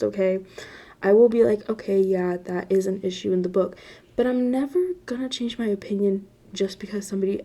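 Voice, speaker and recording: A woman's voice: mid-range voice, mellow. A young woman vlogging casually about books, chatty, swearing freely, with defensive asides. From United States. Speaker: book vlogger. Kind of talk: casual chat.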